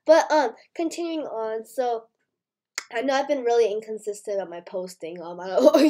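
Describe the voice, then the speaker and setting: Young female gaming host, sick and scratchy-throated, slightly high voice, rambling and apologetic with lots of fillers. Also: moderate pace, darkish tone. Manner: rambling and apologetic, full of ums and likes. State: hoarse from illness, coughing. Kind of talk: casual gameplay chat.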